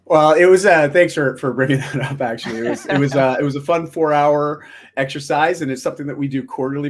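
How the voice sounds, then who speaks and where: A man's voice: on the high side, quick pace. A man speaking as an interview guest, reflective and encouraging, often restarting his phrases. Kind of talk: casual interview chat.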